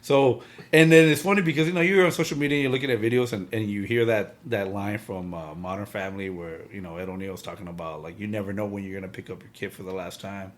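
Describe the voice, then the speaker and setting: A man's voice: on the low side, quick pace. A man in his thirties or forties, chatting casually with friends, telling an emotional story full of fillers and slang. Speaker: podcast host. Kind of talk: casual chat among friends.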